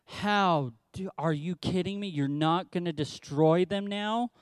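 A man's voice: high voice, unhurried, clean tone, no echo. A man voicing a sulky, theatrical male prophet who complains in a whiny, exasperated way.

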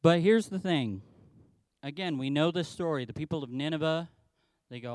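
A man pastor preaching a sermon, telling the story in an animated way and acting out the quotes himself. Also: a little high, normal speed, long pauses, no room sound.

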